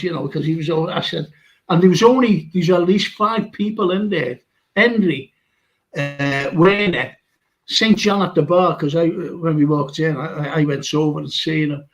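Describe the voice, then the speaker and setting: A man's voice: a little high, poor audio. A man, hosting a podcast and telling a rambling anecdote, often laughing as he talks. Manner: rambling storyteller, laughs while talking. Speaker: podcast host.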